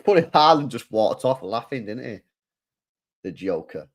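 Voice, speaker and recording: A young man live-streaming a football watchalong, excitable and loudly groaning at what he sees. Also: mid-range voice, unhurried. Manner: excitable, shouting groans of disgust.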